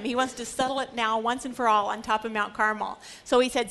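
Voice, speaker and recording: A woman's voice: fairly high pitch, fairly even intonation, a little fast, few pauses, a bit bright. A woman Bible teacher giving a scripture lecture, retelling stories with dramatic, emphatic storytelling.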